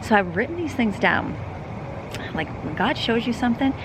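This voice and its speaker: A woman's voice: a little high, big pitch swings, normal speed. A woman in her thirties, a homeschooling mother, chatting earnestly and rambling in a casual vlog about faith and family, filmed on a handheld phone. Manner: earnest, rambling, laughs often. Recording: loud outdoor background noise.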